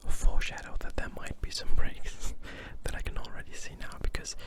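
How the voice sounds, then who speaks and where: A German ASMR creator with a German accent, whispering softly in English with hesitant fillers and playfully repeating and mangling words. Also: moderate pace.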